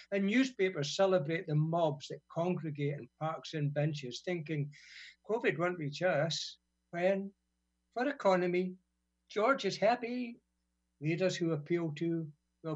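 A man from Britain reading his own poems on community radio, relaxed and wry between blunt, sweary verses. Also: on the high side, slightly rough. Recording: dull lo-fi radio sound.

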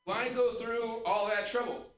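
A man's voice: very high-pitched, fairly even intonation, unhurried, fairly bright tone. A man in his twenties doing a rambling, profane, self-mocking stand-up routine. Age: 20s. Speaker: stand-up comedian.

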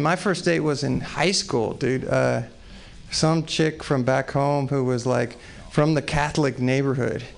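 At an open mic in a small comedy venue, a Texas man in his forties rambles through profane, self-deprecating stand-up. He speaks in a fairly high, gravelly voice, and a little hiss or hum sits under the audio.

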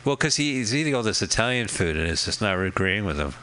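A man chats loosely about a movie, joking and swearing as he goes. His voice is bright and a bit low-pitched. A faint hum sits under the recording. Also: very animated, fast, low-quality recording. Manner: joking, rambling, swears casually. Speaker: host. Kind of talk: casual movie commentary chat.

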